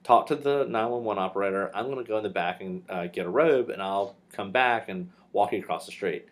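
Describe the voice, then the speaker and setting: A man's voice: fairly low pitch, a little fast, natural voice. A man doing a firm, no-nonsense wife. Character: brave, insistent woman, the narrator's wife.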